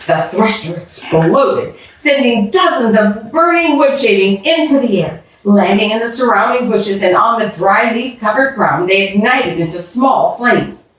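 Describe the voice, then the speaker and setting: A woman telling a children's bedtime story aloud, expressively, pausing to ask the listening children questions. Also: mid-range voice, expressive. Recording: echoey room, distant mic.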